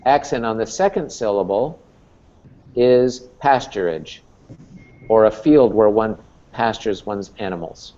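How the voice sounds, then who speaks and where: A man's voice: fairly low pitch, unhurried, warm tone, lo-fi sound. A man teaching a Greek class as professor, explaining patiently and checking in with "okay?" and "right?". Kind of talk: classroom lecture.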